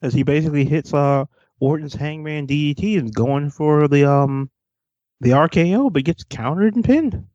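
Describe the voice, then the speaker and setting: A man co-hosting a wrestling podcast, reacting with quick, profane banter. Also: fairly high pitch, a little mellow, dry recording, lo-fi sound. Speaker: podcast co-host. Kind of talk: casual wrestling chat.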